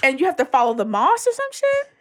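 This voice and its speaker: A woman's voice: high voice, huge pitch swings, a little fast, a bit bright. A woman from Guyana, co-hosting a casual chat and telling stories animatedly, laughing often.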